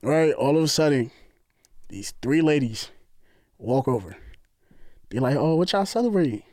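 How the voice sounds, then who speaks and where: A man from the New York area telling a long story in casual chat, animated and acting out other people's lines. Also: medium pitch, moderate pace, no echo, studio quality. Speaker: storyteller guest.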